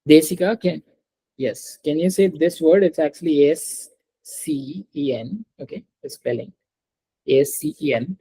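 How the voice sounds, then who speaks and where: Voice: mid-range voice, measured pace, warm tone, slightly rough, rough recording. A teacher giving an online French class over a video call, patiently repeating words and calling on students.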